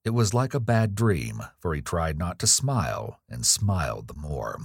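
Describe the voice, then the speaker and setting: A man narrating a gothic ghost story in a measured, grave reading. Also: low-pitched, very animated, vocal fry, breathy edge, dry recording, studio quality.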